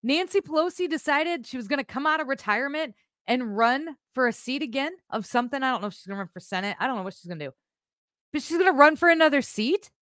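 A woman hosting a live podcast stream, chatting casually in a blunt, animated way, with rambling asides and swearing. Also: high-pitched, fast, dry recording, clean studio sound. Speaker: podcast host.

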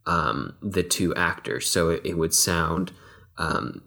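A man's voice: low voice, slow pace, vocal fry, pushed and bright. A young man who grew up in Texas, co-hosting a casual film podcast, rambling with lots of fillers and restarts. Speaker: podcast co-host.

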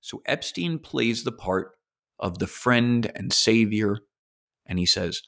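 A man's voice: on the low side, animated, slow, vocal fry, a bit bright. A man hosts a solo podcast and tells a story in a loose, casual way. He speculates aloud and throws in the odd curse word. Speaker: podcast host.

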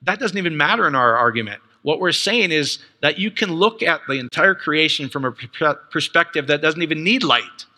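A man preaching a casual, excited teaching sermon, quoting others and asking his listeners questions. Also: a little high, moderate pace, hardly any pauses, in a large hall. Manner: animated, excited, conversational, quotes others.

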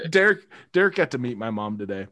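A man telling a long story over a casual podcast, his pitch rising and falling with every beat. He laughs a lot and slips into voices for the people he quotes. The sound is close and dry. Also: no echo. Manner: animated, laughs often, mimics others in quotes.

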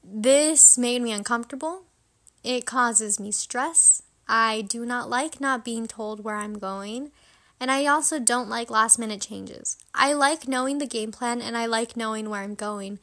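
A woman's voice: a little high, unhurried. A young woman hosting a podcast, rambling through a personal story in a casual, self-deprecating way. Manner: rambling, self-deprecating, animated when quoting herself.

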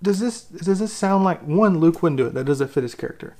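A man's voice: on the high side, animated, brisk, darkish tone. A man giving an opinionated movie critique, exasperated and ranting, with lots of rhetorical questions. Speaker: film critic.

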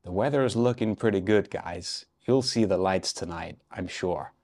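A man's voice: low-pitched, normal speed, a little mellow. A man voicing a self-assured American man at a bus stop, in an American accent. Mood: confident. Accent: American, put on.

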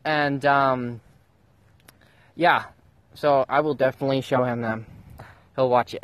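A man calling in to a podcast, rambling and giggling, with sudden loud outbursts. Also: mid-range voice, steady tone, a little slow, long pauses. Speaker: caller. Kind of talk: goofy recorded call-in chat.

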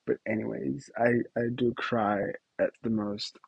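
A man's voice: medium pitch, steady tone, a little slow, vocal fry, husky, no echo, low-quality recording. A young man hosting a podcast, chatting casually and giggling through rambling stories with lots of fillers. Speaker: podcast host. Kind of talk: casual solo podcast chat.

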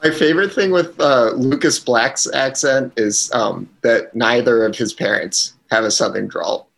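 A man's voice: mid-range voice, a little slow, gravelly, fairly bright tone. A man co-hosting a casual film discussion podcast, laughing often and retelling his reactions. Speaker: podcast co-host.

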